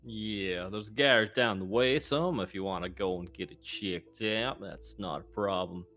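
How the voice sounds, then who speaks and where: A man playing a stubborn small-town cop who drawls and talks folksy, pitched low. Soft music plays behind him. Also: normal speed. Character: suspicious small-town southern male police officer.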